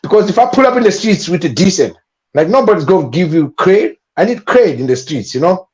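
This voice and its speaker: A man's voice: high-pitched, expressive, fast talker, darkish tone. A man on a discussion panel, joking around in slangy street talk.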